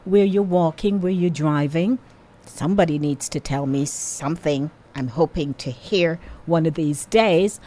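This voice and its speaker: A woman's voice: lowish voice, a little slow, mellow. A woman hosting a radio show, chatting playfully and talking straight to her listeners. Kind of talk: casual radio chat.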